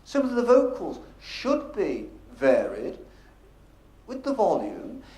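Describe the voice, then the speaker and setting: A man giving a convention presentation on stage, with a measured, emphatic delivery that shifts in volume and pace. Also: high-pitched, huge pitch swings, darkish tone. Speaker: professional speaker presenting at a convention. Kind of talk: conference presentation. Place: convention function room. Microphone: handheld or stage microphone. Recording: echoey conference room.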